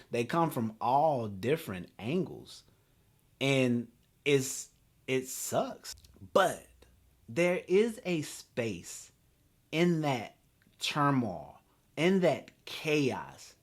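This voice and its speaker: A man in his thirties hosting a talk show, telling a story in an animated, laughing way. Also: medium pitch, takes it slowly. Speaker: podcast host.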